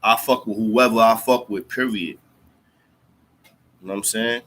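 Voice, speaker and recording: A man's voice: on the low side, steady tone, moderate pace, fairly bright tone, a little hiss or hum. A man hosting a livestream, telling a story in casual street slang, cursing freely, repeating lines for emphasis and calling listeners bro and twin. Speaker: livestream host talking to viewers.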